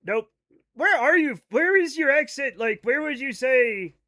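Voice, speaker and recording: A man's voice: very high voice, animated, measured pace, bright, forceful tone. A man with a Rhode Island accent, chatting casually on a live game stream, rambling as he reads chat aloud and riffs on it.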